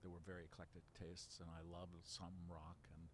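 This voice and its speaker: Low-pitched and fairly flat, this man talks a little fast over some faint background noise. In his seventies and from Baltimore, he reminisces at length in a relaxed interview, rambling with many fillers and restarts.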